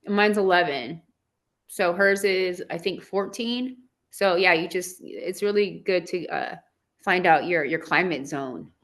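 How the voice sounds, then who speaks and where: A woman's voice: on the low side, unhurried, fairly bright tone. A woman from Southern California with a valley girl accent, hosting a casual online chat, bubbly and chatty, laughing often. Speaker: host.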